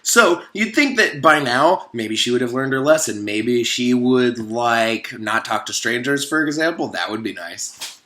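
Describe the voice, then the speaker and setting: A man giving a casual, comedic commentary on a movie, animated and sarcastic, rambling with many fillers. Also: mid-range voice, measured pace. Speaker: video host.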